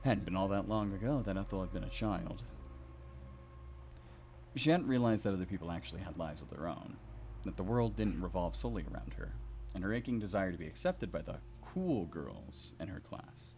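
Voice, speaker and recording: A man's voice: sits low, sing-song, a little mellow, a little hiss or hum. Jokey male streamer narrating a story. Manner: jokey, self-mocking, quick asides. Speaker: streamer reading a visual novel aloud. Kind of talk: narration with joking asides.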